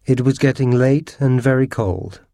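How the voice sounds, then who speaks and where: A man narrating an audiobook with a steady, clear scripted reading. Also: mid-range voice, normal speed, dry recording, studio quality.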